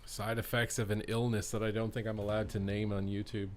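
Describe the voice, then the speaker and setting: Young male streamer, fairly low voice, reactive slangy play-by-play. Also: level tone, brisk, a little hiss or hum. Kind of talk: live gameplay commentary.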